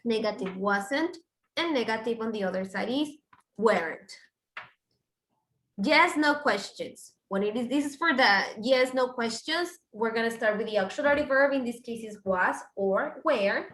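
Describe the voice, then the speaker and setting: Bright-voiced woman teaching English grammar. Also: fairly high pitch, animated, measured pace, echoey room, poor audio. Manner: explains step by step with examples. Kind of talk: online grammar lesson.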